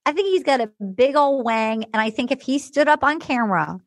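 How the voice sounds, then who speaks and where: A woman's voice: high-pitched, expressive, a little fast, no room sound. A woman hosting a comedy podcast, recapping a show and acting out the people she quotes.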